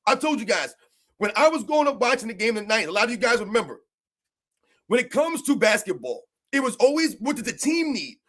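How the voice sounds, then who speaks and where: A man's voice: very high-pitched, big pitch swings, fairly quick, a bit bright. A man streaming live, ranting about basketball in a heated, mocking way, firing off repeated rhetorical questions. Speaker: sports streamer. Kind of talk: live-stream sports rant.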